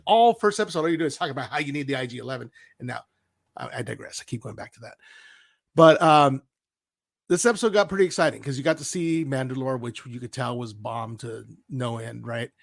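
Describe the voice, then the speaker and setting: A man co-hosting a podcast, retelling an episode in a rambling, animated way with playful asides. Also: medium pitch, fast, creaky, dry recording, studio quality. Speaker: podcast co-host. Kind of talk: casual chat.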